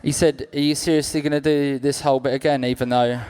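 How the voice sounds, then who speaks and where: A young man doing a stand-up comedy set on a club stage, telling stories deadpan and acting out other people's lines. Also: mid-range voice, noisy background. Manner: acts out others' lines in quick-switching voices.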